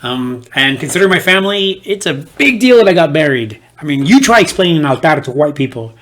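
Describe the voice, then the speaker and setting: Here a stand-up comedian with a fairly high voice and a fairly quick pace performs for a home-made video, no audience in the room. He brings his stories to life by acting out the people in them.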